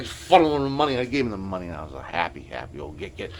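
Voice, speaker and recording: In a deep, sing-song voice, a middle-aged guitar repair vlogger races through a rambling, casual story in his home workshop, with a furnace in the background. He stammers, mumbles, and uses heavy filler, often dropping to near whispers.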